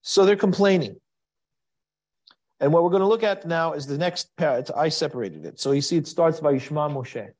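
A man's voice: a little high, animated, moderate pace, darkish tone. A man teaching a Torah class in a conversational style, asking rhetorical questions and quoting Hebrew verses.

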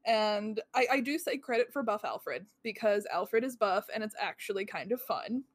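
A woman's voice: mid-range voice, animated, moderate pace. A woman casually chatting as a podcast co-host, wryly reading out her own notes. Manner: reads out her own notes, wry and amused. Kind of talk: casual chat.

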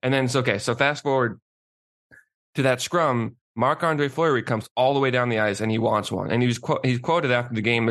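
Ranting man co-hosting a chat. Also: mid-range voice. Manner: ranting, animated, emphatic. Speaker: podcast co-host. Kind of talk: casual chat.

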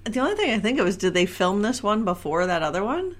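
A woman in her forties co-hosting a casual podcast, chatty and quick to giggle. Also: mid-range voice, very animated. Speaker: podcast co-host. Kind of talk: casual rewatch podcast chat.

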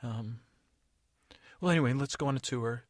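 A man's voice: medium pitch, normal speed, dry recording, studio quality, close to an everyday voice. A man voicing a frazzled, overwhelmed female Tooth Fairy in a storytelling podcast, fretful and flustered. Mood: puzzled.

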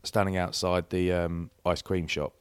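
Speaking low, flat, and unhurried, a middle-aged podcast co-host rambles through casual stories, breaking in on himself and restarting. The voice is smooth, and the recording is dry and studio-quality.

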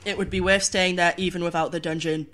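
A woman's voice: on the low side, level tone, quick pace, fairly bright tone. A woman co-hosting a podcast, chatting casually and laughing often while reading out reviews. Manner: giggly, breaks into frequent laughter. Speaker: podcast co-host. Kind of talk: casual comic chat.

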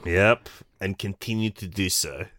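A man, a guest comedian and quiz contestant trading deadpan jokes. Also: sits low, measured pace, no room sound, clean studio sound. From Australia. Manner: deadpan joking. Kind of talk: comedy podcast banter.

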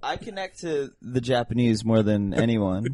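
A man's voice: medium pitch, lively intonation, moderate pace, mellow, dry recording. A young man talking as a podcast guest, joking and rambling, laughing often. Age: young adult. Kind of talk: casual comedic podcast chat.

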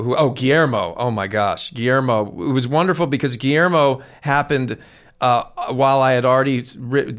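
A man's voice: medium pitch, fairly bright tone. A man who directs and acts, talking as an interview guest, eager and rambling with frequent restarts. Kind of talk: candid interview talk.

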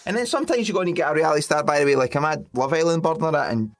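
A Scottish man co-hosting a casual podcast, slightly high in pitch, who tells rambling stories full of swearing and laughter. Music plays clearly behind his voice. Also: animated, rapid-fire. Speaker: podcast co-host. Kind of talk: casual chat.

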